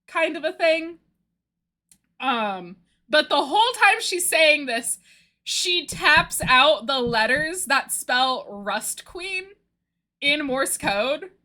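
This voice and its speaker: A young woman streamer chatting casually, gushing excitedly about a story she loves and laughing often. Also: high voice. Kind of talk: casual chat recapping a story.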